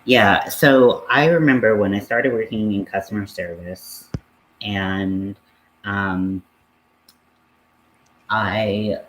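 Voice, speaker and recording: Man, lower voice, loose casual talk, swears, faint background hiss. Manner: loose, swearing, laughing storyteller. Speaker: livestream co-host. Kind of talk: casual chat.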